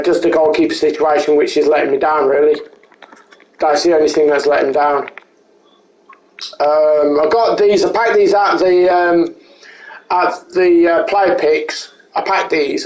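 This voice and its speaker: A man's voice: fairly high pitch, darkish tone, reverberant, rough recording. A man giving rambling, self-correcting live commentary while he plays a game, chatting with his viewers. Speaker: streamer.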